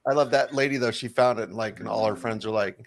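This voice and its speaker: A man's voice: on the low side, fast talker, creaky. A man co-hosting a morning show, bantering casually and riffing on jokes and callbacks. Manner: animated, jokey storyteller who riffs on callbacks. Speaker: radio show co-host.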